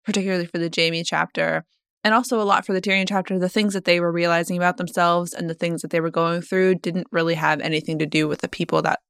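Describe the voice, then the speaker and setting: A woman co-hosting a podcast in casual book-discussion chat, talkative and quick to laugh. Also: on the low side, level tone, vocal fry, fairly bright tone, clean tone, no room sound, clean studio sound. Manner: chatty, laughs easily. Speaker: podcast co-host.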